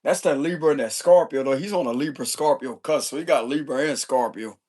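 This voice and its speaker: A man's voice: medium pitch, a little fast, a little mellow. A man giving a casual tarot reading in loose, profane, slangy chat, chuckling often. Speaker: tarot reader.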